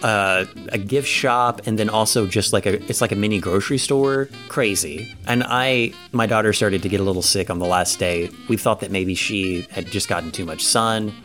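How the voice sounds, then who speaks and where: A man in his late thirties from Ohio, co-hosting a podcast and telling a long casual story, quick to act out other people's lines. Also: low voice. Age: 30s. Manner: rambling storyteller, animated when quoting others. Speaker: podcast co-host. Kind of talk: casual chat.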